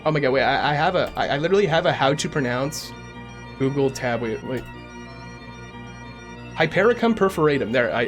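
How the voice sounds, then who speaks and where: A man in his twenties, tired and rambling in a casual chat as he winds down his livestream, stammering and often giggling. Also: mid-range voice. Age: 20s. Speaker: streamer.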